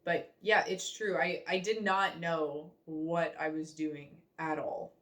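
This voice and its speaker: A woman's voice: low voice, little pitch movement, slow, fairly bright tone. Chatty young woman vlogging casually. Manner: chatty, rambling, lots of fillers and self-mockery. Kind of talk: casual reaction vlog.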